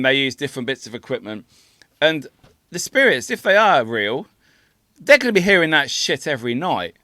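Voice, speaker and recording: A man's voice: medium pitch, lively intonation, normal speed, bright, forceful tone, no room sound, studio quality. A man hosting a podcast, chatty and loose, laughing as he talks. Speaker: podcast host. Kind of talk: casual podcast chat.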